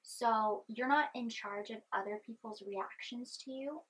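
Brief: young woman vlogger, soft-spoken, slightly high and breathy, anxious, rambling while chewing gum. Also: a little slow, low-quality recording. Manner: chatty, meandering, chewing gum. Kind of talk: rambling personal vlog.

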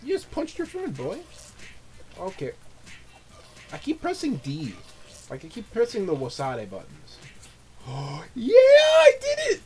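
A young man recording let's play commentary, swearing and swinging from low muttering to sudden shrieks of disgust. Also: wildly swooping pitch, measured pace, pauses often, a little mellow, slight background noise. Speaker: gamer, channel host.

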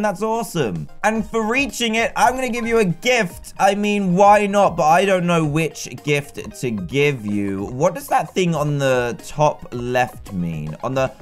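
Excitable man narrating a game. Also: fairly high pitch, clean tone. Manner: chatty and excitable, talks to the characters. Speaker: gaming YouTuber. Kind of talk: casual let's-play commentary.

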